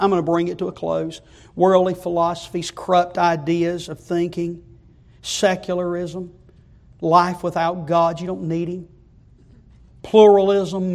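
A male preacher delivering a fervent sermon that keeps rising to loud, repeated climaxes. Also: sits high, vocal fry.

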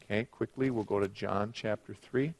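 A middle-aged man preaching a sermon, moving from quiet asides to loud, emphatic passages and telling stories. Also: on the low side, steady tone, normal speed. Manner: storytelling with acted quotes.

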